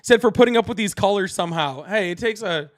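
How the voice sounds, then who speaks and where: A young man hosts a live political call-in stream. His voice sits high for a man. He talks in an animated, casual way, laughs easily and is blunt with difficult callers. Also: fast talker. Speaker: livestream political call-in host. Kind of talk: casual livestream chat, reading donor messages.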